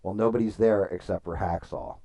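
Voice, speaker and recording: Man, casual livestream chat, rambling stories, profane, warm low voice. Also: fairly even intonation, a little fast. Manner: rambling storytelling, swears freely, reads chat aloud. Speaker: streamer.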